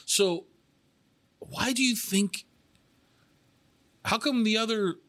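A man's voice: high-pitched, slow, fairly bright tone. A man hosting a casual interview podcast. He teases his guest and often restarts his sentences. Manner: rambling, restarts sentences, teasing. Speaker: podcast host.

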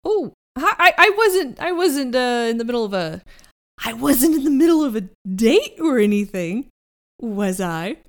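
A woman voicing a goofy, cheerful male talking boat who is eager and excitable. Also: normal speed. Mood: bubbly. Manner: bubbly, excitable, high-pitched.

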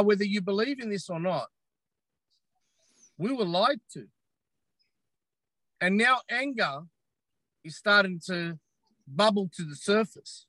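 Australian man, podcast guest. High, bright voice, forceful, repeats lines for emphasis, dry close recording. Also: dry recording. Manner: emphatic, repeats phrases for effect. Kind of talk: podcast interview.

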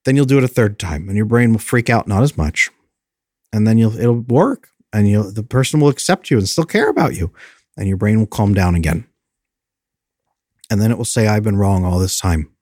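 A man's voice: fairly low pitch, animated, normal speed, a little mellow, dry recording, clean studio sound. A man who is an attachment specialist, explaining in an earnest, coaching way and briefly mimicking anxious inner voices.

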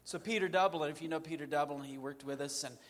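A man guest recounts a story with lively, self-mocking humor. His voice sits a little high for a man. The recording carries a long, hall-like reverb. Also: fast talker. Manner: animated, self-mocking anecdotes. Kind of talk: storytelling in a conversation.

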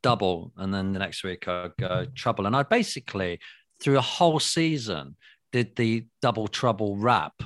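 A middle-aged man with a London accent, a guest telling TV stories in a lively way, laughing and swearing freely. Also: fairly low pitch, normal speed, no echo, studio quality. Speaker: guest, former TV presenter. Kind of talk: casual reminiscing chat.

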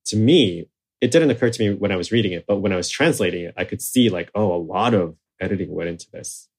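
A man's voice: on the low side, a little mellow, husky. A man talking casually as a translator in an interview, rambling, with many fillers and restarts. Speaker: literary translator.

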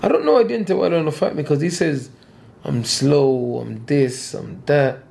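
Heated man with a high voice. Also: normal speed, creaky. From England. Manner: animated, heated, repeats himself. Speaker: professional boxer. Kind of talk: interview, blunt ranting.

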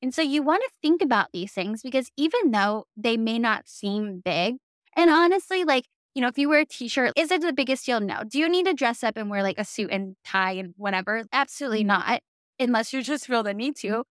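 A woman's voice: a little high, animated, a little fast, dry recording, clean studio sound. A young woman from the American South, coaching in a chatty, upbeat way and often saying "like". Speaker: business coach. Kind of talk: casual teaching to camera.

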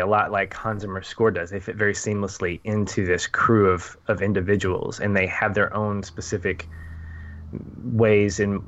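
Earnest low-voiced man talking movies. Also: fairly bright tone, muffled recording. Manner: earnest, laughs easily, repeats words. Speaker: podcast panelist. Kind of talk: casual film discussion.

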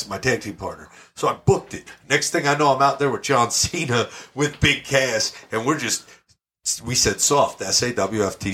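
A man guest on a podcast, telling brash, profane stories in casual chat. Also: fairly low pitch. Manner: brash, profane, animated storyteller. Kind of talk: casual storytelling.

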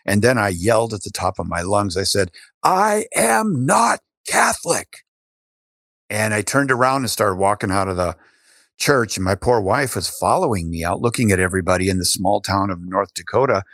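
An older man telling his story as an interview guest, animated, with frequent restarts. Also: low-pitched, a little fast, no echo, clean studio sound.

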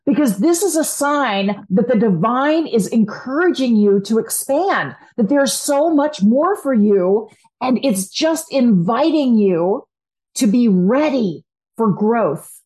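A woman hosting a motivational self-help talk, speaking straight to the listener with upbeat enthusiasm and acting out quoted inner thoughts. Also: darkish tone. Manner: acts out quoted inner voices with big pitch jumps. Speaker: podcast host and coach.

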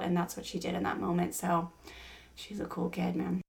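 A woman's voice: lowish voice, flat delivery, moderate pace, creaky. A middle-aged woman co-hosting a parenting podcast, talking candidly and rambling with many fillers and restarts. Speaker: podcast co-host. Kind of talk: casual parenting podcast chat.

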